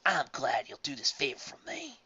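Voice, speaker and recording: A man voicing a frail ancient male orangutan who talks in a breathy, whispery rasp, slow and short of breath, on a dull lo-fi recording. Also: on the high side, sharp tone, voice pushed up. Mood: wheezy.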